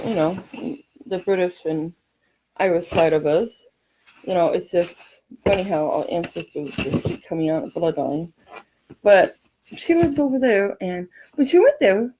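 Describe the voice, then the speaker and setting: Middle-aged California woman, rambling craft host, mellow voice, faint hiss behind. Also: medium pitch, low-quality recording. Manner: rambling, laughs often, animated storytelling. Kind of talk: chatty crafting tutorial with stories.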